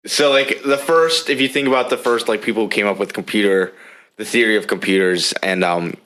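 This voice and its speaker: A man's voice: on the low side, brisk, fairly bright tone. Laid-back slangy podcast co-host man. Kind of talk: casual chat.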